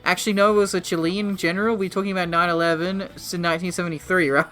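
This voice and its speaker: A man's voice: sits high, little pitch movement, rapid-fire, fairly bright tone, faint music behind. A man in his twenties casually commenting on a strategy game during a live stream, rambling and swearing. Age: 20s. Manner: rambling, profane, joking with chat.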